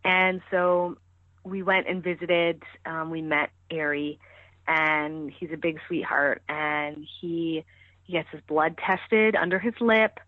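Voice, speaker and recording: A woman's voice: low-pitched, fairly even intonation, slow pace, dry recording. Woman chatting on a podcast, lots of "you know"s, sounds like a phone call, dead dry. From Canada. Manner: chatty, full of fillers and restarts. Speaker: podcast guest, ski coach. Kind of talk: casual interview chat. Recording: tinny phone-like line, dry.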